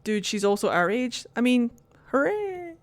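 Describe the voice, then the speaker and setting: A woman's voice: medium pitch, lively intonation, normal speed. A Glaswegian woman in her thirties, giving blunt, sweary, playful commentary while streaming a game. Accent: Glaswegian Scottish.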